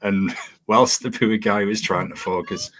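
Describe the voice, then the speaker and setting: A man hosting an interview, chatty and quick to laugh as he tells stories. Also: fairly low pitch, fairly bright tone. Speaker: podcast host. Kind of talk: casual interview chat.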